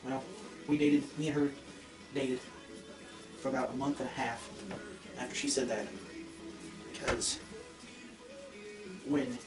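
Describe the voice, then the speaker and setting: A young man, a trapper, casually telling a story to his viewers, rambling and correcting himself as he goes. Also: medium pitch. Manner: rambling, self-correcting, addresses viewers directly. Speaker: trapper vlogger. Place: fur shed. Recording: echoey shed, voice from far off.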